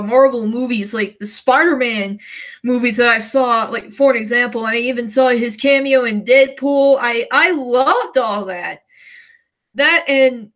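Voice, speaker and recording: Livestream host, woman from the United States, high and slow, hesitant and emotional, close to tears. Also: a bit bright. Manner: hesitant, many fillers and restarts, emotional. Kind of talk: casual livestream chat.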